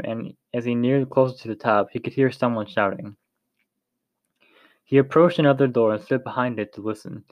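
A man's voice: mid-range voice, no room sound, highs cut off. A man reading a story aloud in a plain way, with frequent slips and restarts. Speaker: narrator.

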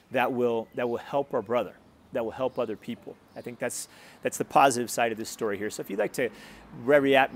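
A man's voice: medium pitch, a little hiss or hum. A man preaching as a pastor in a conversational, earnest way, retelling a scripture story and leading a prayer. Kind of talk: sermon and prayer.

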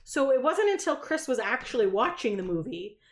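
A woman's voice: fairly high pitch, a little fast, reverberant. A young woman co-hosting a podcast, telling stories animatedly in casual chat. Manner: animated storyteller who acts out quotes. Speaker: podcast co-host.

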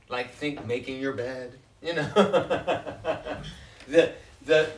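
A man's voice: mid-range voice, distant mic. A man leading a Bible study, reading verses aloud and explaining them in a conversational way. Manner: reads scripture aloud and expounds it, conversational. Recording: roomy sound from off-mic.

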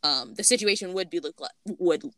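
A woman co-hosting a casual opinion chat, explaining at length in a measured way with many small fillers. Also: lowish voice, animated, fairly bright tone, dry recording, studio quality.

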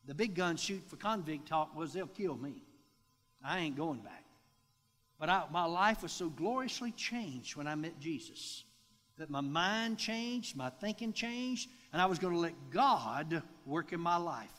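A pastor tells his testimony in a sermon, with a high voice for a man. He delivers it as animated storytelling and acts out the people he quotes. His voice rings out with a long reverb in a large hall. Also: measured pace.

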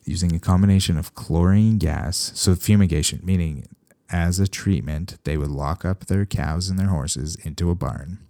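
A man talks in a casual, rambling way, with a voice at the very bottom of the range and a gravelly rasp. His tone is dark and mellow, and the recording is dry. He drops dry, sarcastic asides as he goes. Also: deep voice, moderate pace, few pauses, dry recording. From Canada. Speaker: veterinarian. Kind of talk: casual podcast talk.

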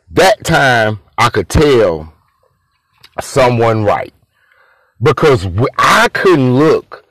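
A man's voice: medium pitch, no room sound. A man telling a story casually, rambling and repeating himself, talking to his listeners as y'all.

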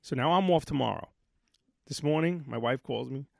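A man co-hosting a podcast, telling a story in a profane, animated rant. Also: mid-range voice, moderate pace, gravelly, no echo, clean studio sound. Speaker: podcast co-host. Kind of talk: casual ranting chat.

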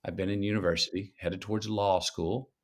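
A man, a guest telling stories slowly and thoughtfully in an interview. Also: sits low, fairly even intonation. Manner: slow, reflective storytelling with drawn-out pauses. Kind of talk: conversational interview.

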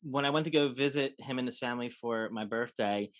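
A man's voice: medium pitch, a little fast. Enthusiastic man telling anecdotes. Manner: enthusiastic, tells anecdotes with filler words. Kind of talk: casual chat.

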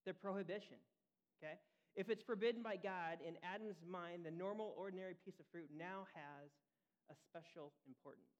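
A man preaching a sermon in a conversational way, often checking in with listeners. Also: a little high. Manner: conversational, asks listeners questions. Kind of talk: sermon teaching.

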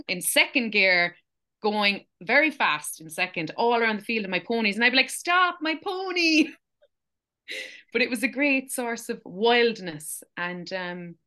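An Irish woman in her young adult years chats through her story as an interview guest, animated and quick to laugh. Her voice sits a little low, yet it comes across bright and forceful. She leans on casual fillers as she talks. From Ireland. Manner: animated, chatty, laughs often, many fillers.

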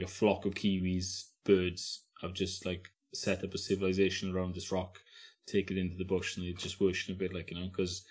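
A man with a fairly low voice talks as a podcast guest. He rambles through his stories with restarts and frequent laughter, in a loose conversational way. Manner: rambling storyteller, mumbles and restarts, laughs a lot. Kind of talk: casual chat.

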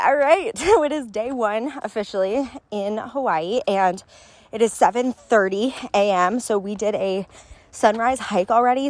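A young woman chatting casually in a travel vlog, full of "like" and quick laughs, recorded on a phone. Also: mid-range voice. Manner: chatty, laughs often, lots of "like". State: out of breath. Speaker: travel vlogger. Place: outdoors on a hiking trail.

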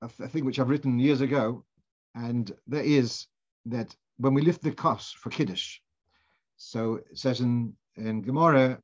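Guy giving a torah class, thinking out loud, asks questions, restarts lines a lot, mid voice, muffled lo-fi sound. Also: mid-range voice, normal speed, husky. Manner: thinking aloud, posing questions and restarting phrases. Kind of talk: informal religious lecture. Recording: dull lo-fi recording.

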